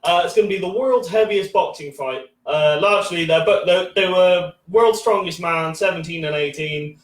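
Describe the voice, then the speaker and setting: A high-pitched man in his thirties rambles through a first stand-up set, stumbling over restarts and fillers and swearing freely. He is heard from a distance, and the room rings with echo around him. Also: moderate pace. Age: 30s. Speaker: stand-up comedian.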